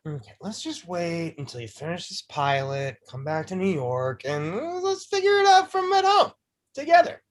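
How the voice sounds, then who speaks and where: A woman's voice: lowish voice, sing-song. A woman reading a bewildered husband. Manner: halting, bewildered. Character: bewildered husband being served divorce. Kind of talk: live script reading.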